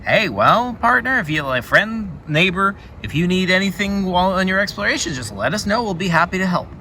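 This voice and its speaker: A man voicing a crowd of overly friendly, eager cult townsfolk who flatter everyone they meet. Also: high-pitched, a little fast, slight background noise, voice pushed up, exaggerated voice. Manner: gushing, flattering, sing-song.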